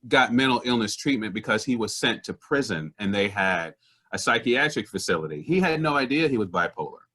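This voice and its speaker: Animated storytelling man, bright lower voice. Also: a little fast, slightly rough. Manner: animated, acts out other people's voices in stories; earnest and indignant about social issues. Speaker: comedian guest. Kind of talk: conversational storytelling.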